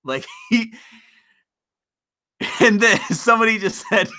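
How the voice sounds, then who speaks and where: A man's voice: high-pitched, lively intonation, a little slow, pauses often, sharp tone. Brash, profane male streamer. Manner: profane, rambling, mocking. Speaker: livestream host. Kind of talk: casual ranting commentary.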